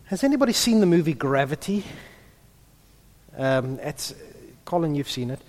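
A man in the role of pastor, praying softly and then preaching with emphasis. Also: fairly high pitch, moderate pace. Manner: hushed in prayer, then lively and emphatic preaching. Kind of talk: prayer and sermon. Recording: long reverb of a large hall.

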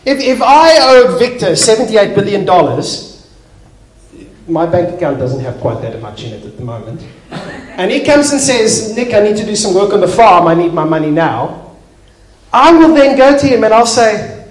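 This pastor's voice sits high and moves at a moderate pace as he preaches, animatedly playing out small everyday scenes with occasional restarts. Faint noise and the echo of a hall surround him.

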